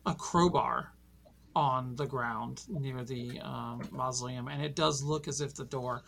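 A woman's voice: extremely low pitch, a little slow, gravelly. Woman game master, eerie narration, casual fillers, faint hiss.

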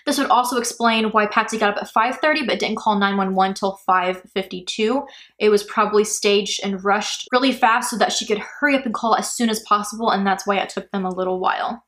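A woman's voice: medium pitch, fairly quick, a bit bright. A woman hosting a true crime podcast, going through a case in a chatty, speculative way with lots of "like" and "you know.". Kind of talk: casual true crime narration. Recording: faulty mic audio.

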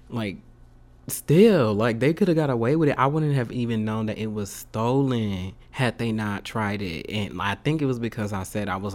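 A young man venting in a casual storytime rant, heated and full of slang and swearing. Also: mid-range voice. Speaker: vlogger.

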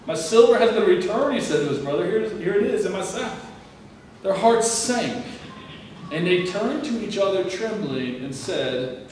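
Man reading scripture in an echoey room. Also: high voice. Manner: measured, plain reading with occasional stumbles and restarts. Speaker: scripture reader. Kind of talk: reading a Bible passage aloud. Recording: very echoey room, distant mic, faint ambient noise.

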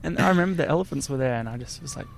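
A man's voice: fairly high pitch, lively intonation, rapid-fire, gravelly. A man telling a story in casual chat, laughing often as he talks.

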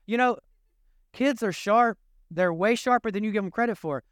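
An older man with a drawl preaches like he's chatting with his congregation, joking and animated as he goes. His voice sits high for a man and comes across smooth and resonant. The sound is dry and close, with no room echo. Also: normal speed. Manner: conversational, jokey, animated preaching. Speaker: pastor. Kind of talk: sermon.

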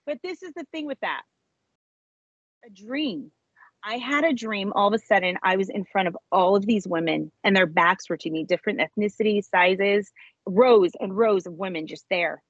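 Woman guest, husky, emotional storyteller; slightly dull recording. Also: normal speed, dry recording. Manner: animated storyteller, voice jumps high when reenacting. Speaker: interview guest, author. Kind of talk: emotional personal testimony.

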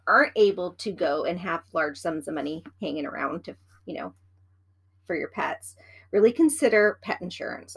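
A woman's voice: on the low side, fairly bright tone. A woman co-hosting a casual chat, rambling and teasing as she gives practical advice about pets. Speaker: podcast co-host.

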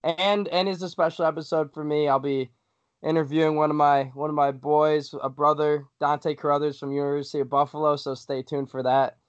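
A man's voice: a little high, little pitch movement, a little fast. A young man hosting a casual sports podcast, talking in a hyped way and laughing easily. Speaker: podcast host. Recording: dull lo-fi recording.

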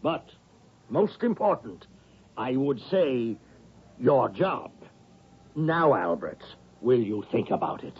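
A blustering, pompous university president in an old radio drama, stammering as he presses his point. His voice is very husky and breathy, and the recording sounds dull and lo-fi. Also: mid-range voice, very animated, slow pace, long pauses, heavily acted. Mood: persuasive. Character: blustering middle-aged male university president. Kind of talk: 1970s radio drama acting.

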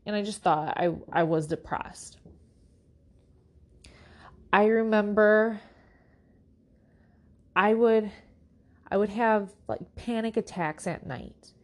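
A woman hosting a podcast, telling her own story of faith and struggle in an earnest, halting way with many restarts. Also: medium pitch. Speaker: podcast host. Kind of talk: personal faith testimony.

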